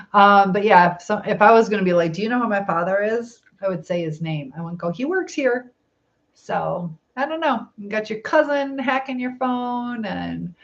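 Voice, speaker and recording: A woman's voice: lowish voice, vocal fry, dull audio. A middle-aged woman hosting a casual live stream, chatting, laughing often and reading viewer comments aloud.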